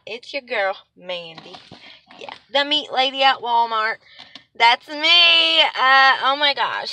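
A woman's voice: a little high, sharp tone, dry recording. A young woman talking casually in her home vlog, venting with exasperation and lots of "like". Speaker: vlogger.

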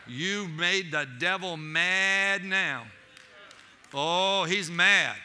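A man's voice: high-pitched, takes it slowly, bright, forceful tone. A man preaching a sermon as pastor, telling stories with animation and calling out to his congregation as saints.

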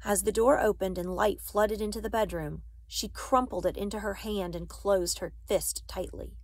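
A woman's voice: mid-range voice, fairly even intonation, moderate pace, a little mellow, no room sound. Dry, close woman reading aloud. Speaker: audiobook reader. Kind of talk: reading a children's novel aloud.

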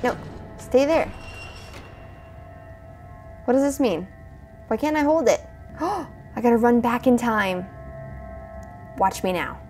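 A woman with a fairly high voice gives let's-play commentary on a creepy game. She chatters to her viewers in a jumpy, excitable way. Faint game music sits underneath her. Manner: jumpy, chatty, talks to viewers, frequent gasps and exclamations. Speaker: gaming video host.

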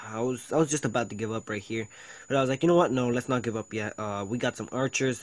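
A man's voice: mid-range voice, no room sound, low-quality recording. A man hosting his own video, talking casually through a game replay in a chatty play-by-play with frequent ums and quoted thoughts of his own. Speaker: video host. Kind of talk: casual gameplay commentary over a replay.

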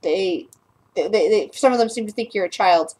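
A woman running a tabletop game as game master, narrating with frequent pauses and restarts. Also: medium pitch, darkish tone, low-quality recording. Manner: hesitant, with many fillers and restarts.

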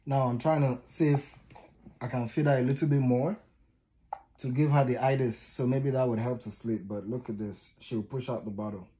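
A man's voice: medium pitch, fairly even intonation, normal speed, mellow, slight background noise. A young man with a Nigerian accent, a father filming himself at home as he coaxes his baby daughter to sleep, pleading and playfully scolding and repeating words over and over. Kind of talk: casual home vlog talk.

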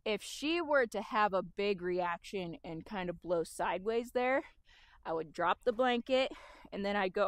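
Calm lady teaching horse stuff outside, talks to the horse while she works, medium voice. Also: medium pitch, a little slow, no room sound. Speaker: horse trainer. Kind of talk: outdoor training demonstration. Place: outdoors with a horse.

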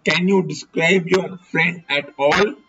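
A man's voice: a little high, fairly even intonation, takes it slowly. Gracious, chatty hotel manageress, read by a man. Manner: effusive, chatty. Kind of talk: audiobook-style reading. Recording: muffled distant mic with loud hiss.

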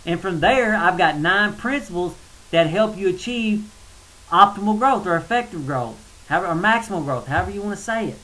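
A spiritual vlogger rants bluntly and colloquially in a casual video monologue, working himself up and then apologizing. His high voice is fairly quick and a bit bright, on a low-quality recording with faint hiss.

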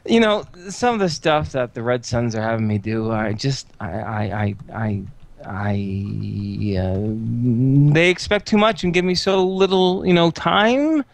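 A man's voice: on the high side, close to an everyday voice. A man doing a stammering shy young hacker. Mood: anxious. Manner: stammering, halting speech with filler words. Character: shy nerdy young male hacker, awkward and withdrawn.

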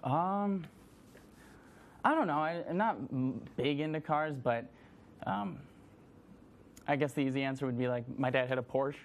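A man's voice: on the high side, normal speed, long pauses. Hesitant young man as a guest. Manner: hesitant, easygoing, short answers with ums. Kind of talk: casual chat.

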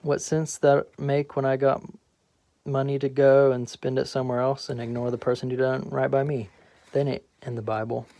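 A swaggering, boastful middle-aged husband spins yarns and teases his friend, as a man reads him aloud. The voice is mellow, with a flat, even lilt. It sounds dry and close. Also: medium pitch, normal speed, vocal fry, no echo, lightly acted. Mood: stubborn. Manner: swaggering, teasing, storytelling. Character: Troy, brash boastful middle-aged male garbage collector.

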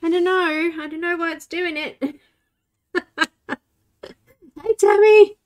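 A woman's voice: very high voice, little pitch movement, moderate pace, a bit bright. A woman in her forties hosting a live coloring stream, chatting casually, talking to herself and greeting viewers by name. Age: 40s. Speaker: livestream host. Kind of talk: casual chat while coloring.

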